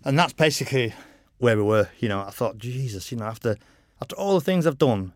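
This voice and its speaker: A middle-aged man who races, on as a guest in a casual podcast interview, speaks in a mid-range voice with lively intonation and a brisk pace. He rambles through anecdotes, says "you know" a lot, and swears freely and frankly. The sound is dry and close with no echo.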